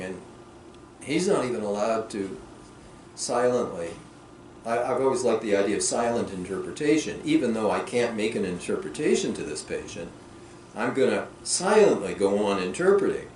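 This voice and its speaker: A man talks through clinical questions with the audience, thoughtful and unhurried, his voice often trailing off softly. He sits some distance from the microphone in a roomy meeting room with a faint background hiss. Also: fairly low pitch. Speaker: author answering questions at a workshop. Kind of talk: reflective clinical discussion.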